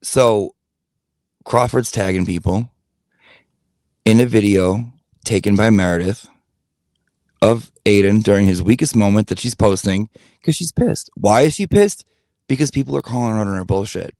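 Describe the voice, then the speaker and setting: Blunt, profane low-voiced man ranting. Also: normal speed, pauses often, a little mellow, no room sound. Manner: blunt, profane, repetitive emphasis; talks directly to his audience. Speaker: commentary channel host. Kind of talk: casual ranting commentary.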